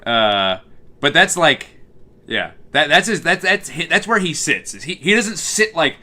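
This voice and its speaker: Bright-voiced man chatting on a stream. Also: fairly high pitch, big pitch swings, moderate pace. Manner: rambling, reading chat aloud, many fillers and restarts. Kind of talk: casual live-stream chat.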